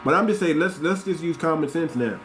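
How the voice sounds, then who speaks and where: A man delivers blunt, repetitive podcast commentary, talking straight at his listeners. His voice sits a little high for a man. A faint hiss of ambience runs under the recording. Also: fairly quick. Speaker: podcast host. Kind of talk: casual commentary monologue.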